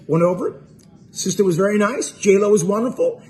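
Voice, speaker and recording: A man's voice: high-pitched, lively intonation, moderate pace, darkish tone. A man casually telling a story about himself, rambling and self-mocking, with lots of fillers. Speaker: musician telling a tour story.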